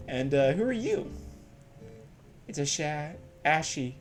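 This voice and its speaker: A man's voice: fairly high pitch, very animated, slow pace, long pauses, faint music behind. A man casually commentating his gameplay, rambling and laughing at himself. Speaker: let's play host.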